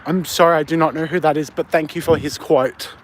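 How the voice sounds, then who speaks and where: Filming on a handheld phone as he strolls outdoors at night, an Australian livestreamer with a fairly high voice talks briskly and fairly evenly to his chat, wandering off topic, responding aloud to questions and swearing a lot. Faint street sounds and traffic hum in the background.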